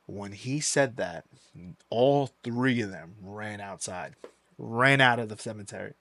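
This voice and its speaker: A young man hosting a podcast, telling a story in a casual, animated way, swearing freely. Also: fairly low pitch, unhurried. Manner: animated, swears freely, acts out quoted voices. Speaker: podcast host.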